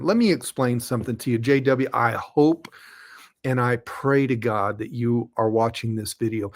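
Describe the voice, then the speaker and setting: A man, a pastor, giving blunt, scolding commentary on a clip he plays, speaking straight at the camera. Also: medium pitch. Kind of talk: commentary on a played interview.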